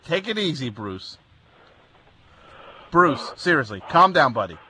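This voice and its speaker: Lively radio host taking calls. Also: male voice, on the high side, unhurried, very noisy. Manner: teasing, then pleading to calm a caller. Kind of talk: call-in radio show.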